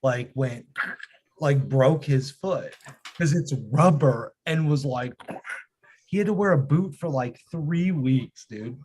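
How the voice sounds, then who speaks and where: A man in his thirties hosting a live stream, telling a profane, animated story in casual chat. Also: medium pitch, slow, slightly rough.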